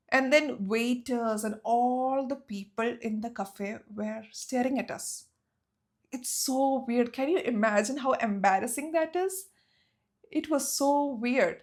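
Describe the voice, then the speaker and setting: Animated young woman telling a storytime. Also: a little high, normal speed. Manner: animated, exclaiming, asks viewers rhetorical questions. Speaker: vlogger. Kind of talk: storytime vlog, casual chat.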